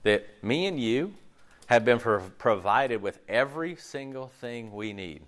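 A man preaching a sermon in an animated way, checking in with his listeners often. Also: mid-range voice, a little slow. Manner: animated, acts out quoted voices, checks in with "right?" and "okay?".

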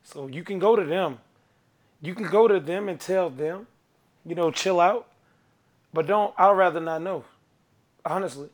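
A man co-hosting a podcast in casual chat, animated and jumping between ideas. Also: high-pitched, unhurried, long pauses. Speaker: podcast co-host.

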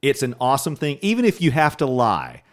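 A man co-hosting a casual chat, relaxed and joking. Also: medium pitch, fairly quick.

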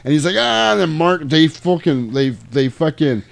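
A man casually retelling a movie plot, animated and swearing, now and then jumping into loud character voices. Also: a little high, normal speed, gravelly, no room sound. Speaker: podcast host retelling a movie. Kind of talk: casual chat.

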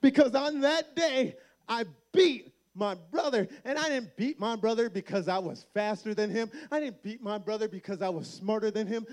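A young man telling a story at a camp service in a large room, acting out the people in it, then turning soft and earnest as he speaks to the students. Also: high voice. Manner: drops to a soft, earnest tone for the closing appeal. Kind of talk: sermon-style storytelling to students.

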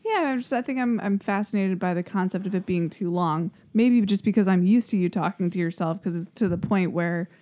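A woman's voice: on the low side, fairly quick, hardly any pauses, warm tone. Teasing woman co-hosting a podcast. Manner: teasing, laughs often. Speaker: podcast co-host. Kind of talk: casual chat.

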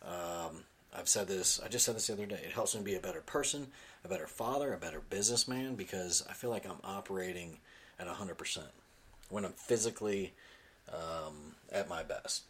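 A relaxed man in his thirties chats on a podcast in a slightly low voice. He talks easily, laughs often and fills his pauses with ums. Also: husky. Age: 30s. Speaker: podcast host and father. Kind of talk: casual chat.

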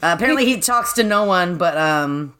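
A woman's voice: fairly low pitch, fairly quick. A woman chatting casually, retelling a book with playful character voices. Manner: animated retelling, acting out characters' lines. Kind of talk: casual book-club chat.

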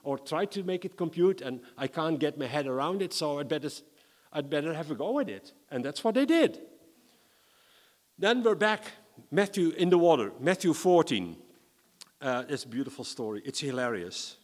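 Lively preacher in a hall. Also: male voice, fairly high pitch, normal speed. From Netherlands. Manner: lively, humorous, dramatic scripture reading. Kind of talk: sermon.

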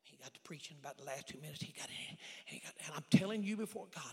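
Middle-aged evangelist, bright high voice, hushed storytelling that swells to shouted preaching, big church reverb. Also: male voice, lively intonation, quick pace, creaky, hardly any pauses. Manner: storytelling, drops to near-whispers then builds to shouting. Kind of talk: sermon with personal testimony. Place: large church sanctuary. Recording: long hall reverb.

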